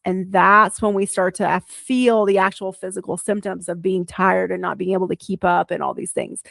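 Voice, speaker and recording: A woman's voice: mid-range voice, gravelly, fairly bright tone, no echo, studio quality. A female podcast host, explaining biology plainly in a casual, chatty solo talk.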